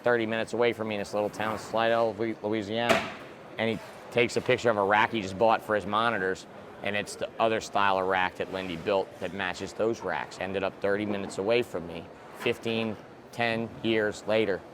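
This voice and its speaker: A man's voice: fairly low pitch, brisk, noisy background. A man guest in a casual interview, a reptile breeder who talks bluntly and swears freely, recorded outdoors. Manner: blunt, profane and excitable.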